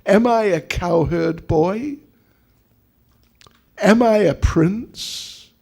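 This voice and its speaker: A man's voice: high voice, very slow, gravelly, warm tone, pitched above the performer's own voice, heavily acted. A man voicing a divine young cowherd prince who teases and then pleads earnestly, speaking with emphatic questions. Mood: teasing. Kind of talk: acted quotes within a sermon.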